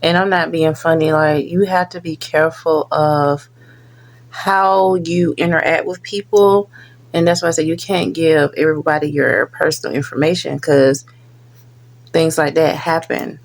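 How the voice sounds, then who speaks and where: A woman's voice: low voice, steady tone, a little slow. A woman hosting a reaction video, talking casually and earnestly warning her viewers.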